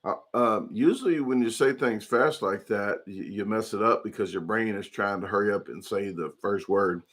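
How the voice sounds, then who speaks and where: A man's voice: lowish voice, moderate pace, a bit bright. A man hosting a casual livestream, rambling chattily and reading chat comments aloud. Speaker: livestream host.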